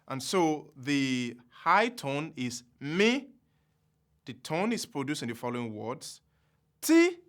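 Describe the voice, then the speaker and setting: A man with a Yoruba accent teaching a language lesson, speaking deliberately and repeating words for drills. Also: medium pitch, a bit bright. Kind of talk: slow spoken language lesson.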